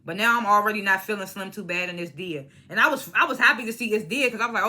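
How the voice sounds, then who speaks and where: A woman's voice: medium pitch, fast, pushed and bright. Blunt, cursing young woman reviewing reality TV. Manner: blunt, profane and opinionated, mimics cast members. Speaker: reality TV recap vlogger. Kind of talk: casual reality show review.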